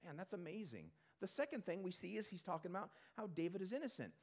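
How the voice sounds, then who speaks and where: Animated male pastor preaching. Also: high voice. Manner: animated, acts out quick character voices. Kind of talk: conversational sermon. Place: church in front of a congregation.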